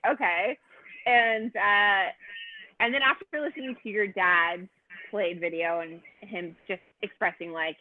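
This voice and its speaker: A woman's voice: mid-range voice, unhurried, no room sound. A woman guest talking casually on a podcast, telling her story with lots of fillers. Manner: animated storyteller, many fillers. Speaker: guest contestant. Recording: tinny phone-like audio.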